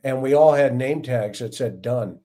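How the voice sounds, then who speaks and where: A man's voice: mid-range voice, moderate pace. Middle-aged man telling police stories. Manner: animated anecdotes with acted-out voices. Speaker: podcast host, retired police officer. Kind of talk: casual livestream storytelling.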